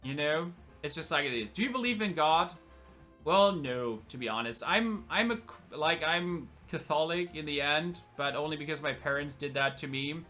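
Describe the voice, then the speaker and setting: A man's voice: a little high, expressive, normal speed, pushed and bright, soft background music. A young man from Germany with a German accent, joking and chatting casually as a streamer answering viewer questions. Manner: chatty, joking, laughs often. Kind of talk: casual Q&A livestream.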